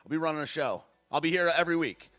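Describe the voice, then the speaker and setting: A man's voice: fairly high pitch, lively intonation, quick pace, sharp tone. A man hosting a political podcast. He argues heatedly with comments from his chat and rambles through many restarts. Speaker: podcast host.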